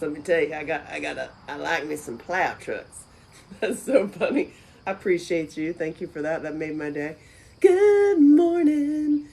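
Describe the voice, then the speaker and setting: A woman hosting a casual livestream from a friend's house on her phone, lively and chatty, reading comments aloud, her voice lower than usual today. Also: slight background noise. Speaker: livestream host. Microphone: phone camera.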